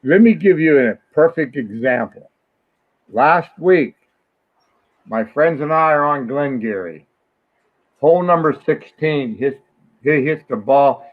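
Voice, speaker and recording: Older male guest on a phone line, slightly high voice, rambling storyteller. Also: animated, unhurried, pauses often. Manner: rambling anecdotes with restarts. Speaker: guest, host's father. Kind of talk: casual storytelling. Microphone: phone call.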